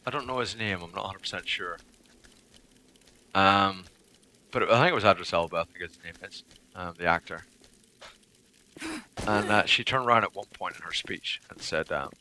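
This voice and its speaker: A man rambles at his livestream viewers between moves in a game. His voice is bright and forceful, his talk is loose and full of swearing. A faint hiss sits under the voice. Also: sits low, moderate pace, long pauses. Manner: profane, rambling, chatty with viewers. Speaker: livestreaming gamer. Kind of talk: casual chat while playing a game.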